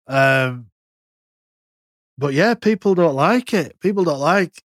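A man's voice: a little high, expressive, slow, a bit bright, dry recording, clean studio sound. A man co-hosting a casual podcast chat, rambling and swearing freely. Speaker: podcast co-host.

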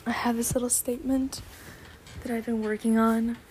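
Woman, guided meditation, slow gentle voice, half-whispered, mellow and flat, spiritual affirmations. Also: a little high, a little hiss or hum. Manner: slow, soft-spoken, drifting into whispers.

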